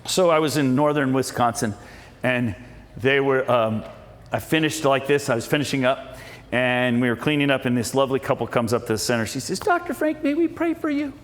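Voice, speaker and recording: A man's voice: medium pitch, fairly even intonation, brisk. A man giving a folksy, preacher-like storytelling speech at a political meeting, with many repeated starts. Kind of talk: storytelling speech to a live audience. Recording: echoey hall with long reverb.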